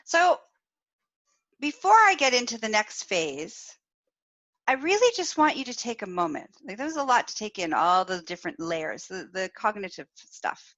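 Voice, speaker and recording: A woman's voice: medium pitch, very animated, normal speed, fairly bright tone, dry recording, poor audio. A woman hosting a podcast as a sexual wellness coach, talking frankly and directly in a casual teaching style and laughing between points. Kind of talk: casual spoken teaching, live.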